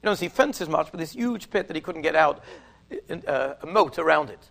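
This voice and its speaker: A man giving a storytelling sermon in Orthodox Jewish English, animated and slowing down to stress his points. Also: a little high, creaky. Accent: Orthodox Jewish English with Yiddish and Hebrew words. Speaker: rabbi giving a talk.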